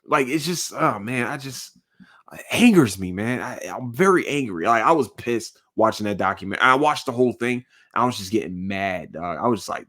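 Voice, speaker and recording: A man's voice: mid-range voice, lively intonation, a little fast, fairly bright tone. A young man hosting a casual solo podcast, talking in a heated, rambling way, full of slang and restarts. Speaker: podcast host.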